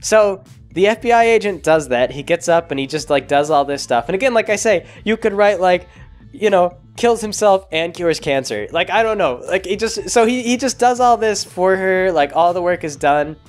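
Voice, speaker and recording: Vlogger, man, high voice, goofy rambling recap, faint music behind. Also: expressive, moderate pace. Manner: rambling, jokey, many fillers. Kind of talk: comedic movie recap.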